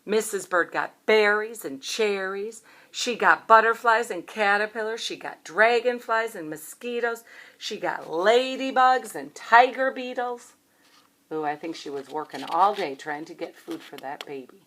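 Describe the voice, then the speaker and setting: A woman, a preschool teacher, reading a picture book aloud to young children in a gentle, expressive way, asking them questions. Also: medium pitch, a little slow.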